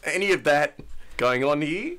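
A man's voice: fairly high pitch, animated, a little slow, fairly bright tone. An Australian man co-hosting a motorsport podcast, joking and laughing often in casual chat. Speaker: podcast co-host.

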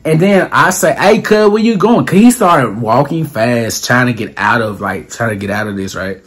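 A man's voice: mid-range voice, normal speed, slightly rough. A young man telling a story casually in slangy talk, acting out what people said. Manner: animated, slangy, acts out quotes with voice jumps. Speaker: storyteller vlogger.

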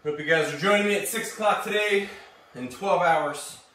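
A man's voice: sits high, normal speed, pushed and bright. A man coaching a live workout class, upbeat and encouraging, calling out to participants by name. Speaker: fitness instructor. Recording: very echoey room, distant mic, faint hiss.

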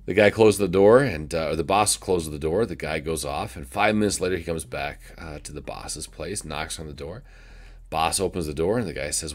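A man's voice: sits low, moderate pace. A man, a pastor giving a short video devotion in a folksy way, with many filler "uh"s. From United States. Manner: folksy, many filler "uh"s, chuckles at own jokes.

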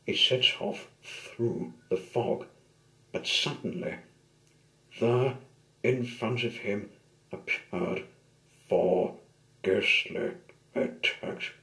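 A man's voice: on the low side, very slow, pauses often, sharp tone, roomy sound. A man reading a children's storybook aloud, with occasional asides. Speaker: storybook reader.

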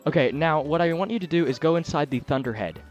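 A man's voice: on the high side, soft background music. A man hosting a let's play, chatting and telling the player where to go, on a headset mic. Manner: directs the player, chatty and quick to laugh. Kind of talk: casual gameplay commentary.

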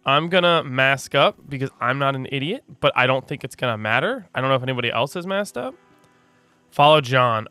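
A man commenting on his own gameplay in a let's play, excitable and joking. His bright voice leaps around in pitch, and the recording is dry and close. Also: a little fast, dry recording, soft background music. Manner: excitable, joking, often laughing. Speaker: gaming channel host.

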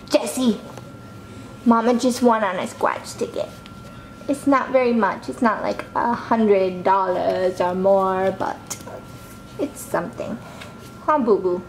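A woman vlogging at home, talking to her baby son in a high, sing-song baby-talk voice. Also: slow, slight background noise. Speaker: mother and vlogger. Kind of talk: casual home vlog.

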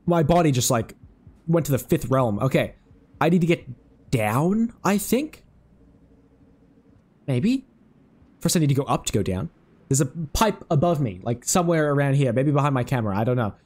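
A man giving casual, excitable commentary on his own game run, swearing freely and chatting to the creatures on screen. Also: medium pitch, moderate pace, pauses often. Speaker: let's play host.

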